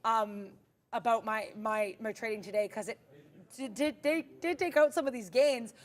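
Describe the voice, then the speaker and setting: A woman's voice: a little high, normal speed. A woman co-hosting a live trading stream, talking candidly and chattily with playful bursts. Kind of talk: live market commentary.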